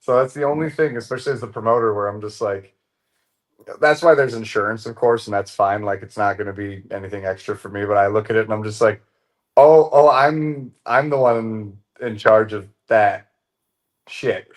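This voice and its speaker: Animated, swearing American fight promoter. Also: male voice, fairly low pitch, fast. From United States. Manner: animated, swears freely, tells stories. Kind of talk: casual chat.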